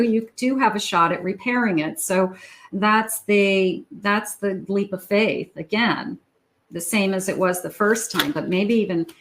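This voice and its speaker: A woman giving a tarot love reading, talking slowly and musingly to her viewers. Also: medium pitch, a little hiss or hum, low-quality recording. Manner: slow, musing, talks to the viewer. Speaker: tarot reader.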